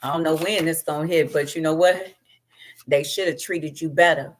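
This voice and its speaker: Woman reader, loose profane storytelling, lower pitch, unscripted rambling. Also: steady tone, normal speed, slight background noise. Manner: brash, profane storytelling with laughter. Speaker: tarot reader. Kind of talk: casual profane rant.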